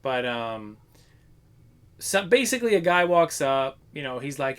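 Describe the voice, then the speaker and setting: A man's voice: medium pitch, a little slow, smooth. A man, telling work stories in casual chat and acting out the people in them. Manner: animated storytelling with swearing and acted-out quotes. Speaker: podcast co-host.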